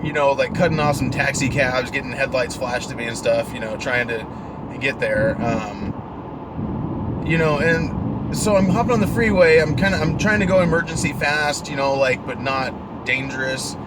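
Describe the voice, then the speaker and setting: A man's voice: medium pitch, steady tone, normal speed, very noisy. Chatty young man telling driving stories. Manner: chatty, filler-heavy, exasperated retelling. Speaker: rideshare driver. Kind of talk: casual storytelling vlog.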